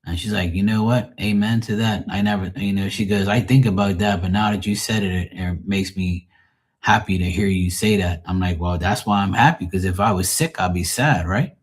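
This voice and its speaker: A man's voice: low voice, normal speed, husky. A man hosting a livestream, telling everyday stories in a rambling, profane, casual way. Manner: profane, rambling, animated when quoting others. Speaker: livestream host. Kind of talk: casual storytelling chat.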